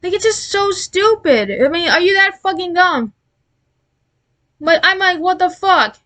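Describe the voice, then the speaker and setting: High-pitched woman swearing her way through an exasperated youtube rant, lots of restarts. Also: expressive, bright, forceful tone. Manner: profane, exasperated, halting with many restarts. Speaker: aviation commentary YouTuber. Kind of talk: angry commentary rant.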